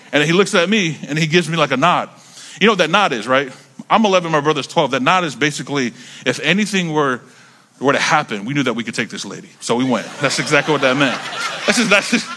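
Bright, animated preacher man. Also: a little high, a little hiss or hum. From United States. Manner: animated, conversational, repeats words while building stories. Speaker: pastor. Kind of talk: sermon storytelling.

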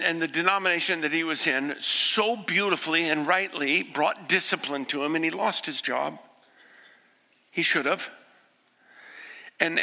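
Gravelly man in his sixties preaching. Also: on the high side. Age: 60s. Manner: earnest, swings from hushed to impassioned. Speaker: pastor. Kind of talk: sermon. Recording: echoey hall with long reverb.

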